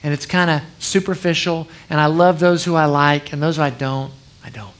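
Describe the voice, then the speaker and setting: A man's voice: a little high, steady tone, normal speed, a bit bright. A middle-aged man preaching a sermon as pastor, telling stories in a conversational way with frequent asides to the congregation.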